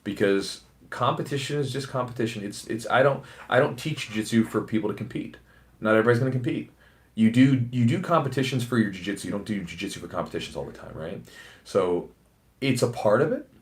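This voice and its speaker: A man with a faint Southern US accent, hosting a casual podcast chat, talking fast with many fillers and restarts. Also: medium pitch. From American South. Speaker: podcast host and jiu-jitsu instructor.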